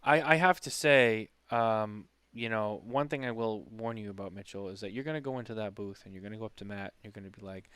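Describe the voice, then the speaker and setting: A man hosting a casual podcast chat, giving teasing, deadpan mock advice. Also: fairly low pitch, fairly quick, few pauses, clean tone, no echo. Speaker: podcast host.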